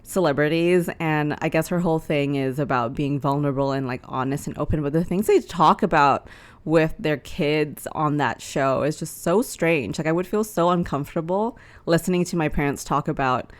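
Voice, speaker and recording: Low-voiced chatty young woman. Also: normal speed. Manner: chatty, giggly, with many "like" fillers. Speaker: podcast co-host. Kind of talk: casual chat. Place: small living room.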